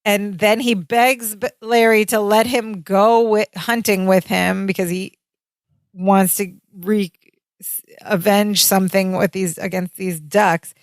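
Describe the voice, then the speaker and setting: A woman's voice: mid-range voice, fairly even intonation, slow pace, dry recording. A woman co-hosting a podcast, casually and animatedly retelling a sitcom episode and quoting its lines. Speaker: podcast co-host.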